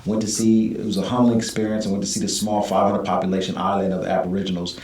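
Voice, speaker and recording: A deep-voiced man tells a personal story in a relaxed interview, and he acts out the other people in it with quick shifts of voice. He sits some way back from the mic in an echoey room. A faint hum of room noise runs under the talk. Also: distant mic. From Southern California. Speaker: guest.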